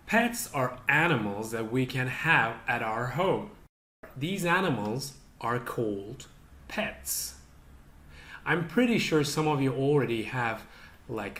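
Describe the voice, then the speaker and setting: A man teaching an online English lesson for young children, giving instructions slowly and clearly. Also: mid-range voice, fairly bright tone. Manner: slow, clear instructional delivery.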